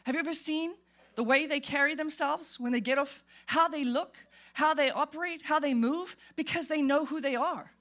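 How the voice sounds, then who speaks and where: A woman pastor preaching a sermon in church, emphatic and animated, acting out quotes as she goes. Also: sits high, moderate pace.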